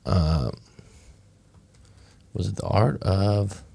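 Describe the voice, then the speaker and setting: A man talks on a casual live stream as a coach, loose and rambling, circling back with fillers and restarts. His voice sits low and mellow. The sound is close and dry, with almost no room around it. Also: animated, extremely slow, vocal fry, breathy edge, no echo. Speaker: breakup coach.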